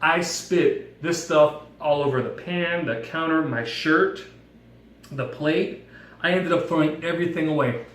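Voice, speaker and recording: A man giving a playful devotional talk with props, telling a story in a jokey, animated way. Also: fairly high pitch, measured pace. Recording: echoey room, mic at a distance.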